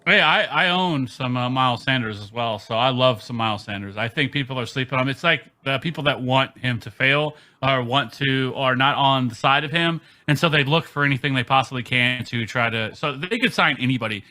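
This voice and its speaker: Man, bright tone, emphatic, fast casual sports chat. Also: mid-range voice. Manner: emphatic, quick, frequent ums. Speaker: fantasy football podcast host.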